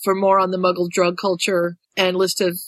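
A woman's voice: lowish voice, monotone, moderate pace, no room sound. A woman hosting a casual group call, reading notes aloud and laughing easily at her own words.

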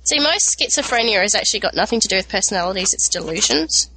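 A woman's voice: medium pitch, expressive, fast talker, sharp tone, husky, low-quality recording. A woman in casual conversation, telling anecdotes in a chatty, storytelling way. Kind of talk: casual chat.

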